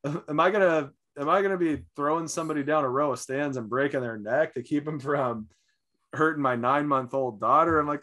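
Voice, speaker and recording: Co-hosting a laid-back sports talk podcast, this thirtysomething man is an animated storyteller who performs other people's quotes. His voice is fairly high at normal speed.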